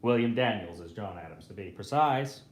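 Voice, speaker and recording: A man's voice: fairly low pitch, expressive, normal speed. A man hosting a live board game playthrough, thinking aloud casually and correcting himself as he goes. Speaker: host. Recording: roomy echo.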